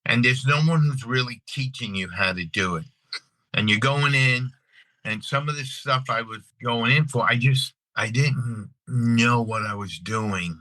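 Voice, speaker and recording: A middle-aged man from Long Island with a New York accent, an actor telling stories in a casual interview, animated and repeating his words as he acts out scenes. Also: mid-range voice, a little slow, no echo, rough recording. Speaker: actor and guest.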